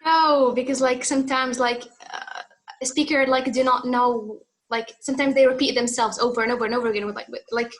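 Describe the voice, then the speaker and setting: A woman's voice: a little high, fairly even intonation, brisk, poor audio. A woman explaining her timekeeping role in an online meeting, casual and filler-heavy. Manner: filler-heavy, uses "like" often. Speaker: meeting timer. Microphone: computer mic on video call.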